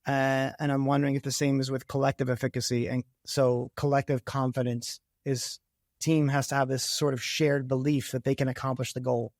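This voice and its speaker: A male podcast co-host talks through long, winding questions with warm enthusiasm, often restarting his phrases. His voice has a middle pitch. The sound is close and dry, with no room around it. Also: little pitch movement, brisk, no room sound. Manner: enthusiastic, rambling, many restarts. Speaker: podcast co-host, science officer. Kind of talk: conversational interview.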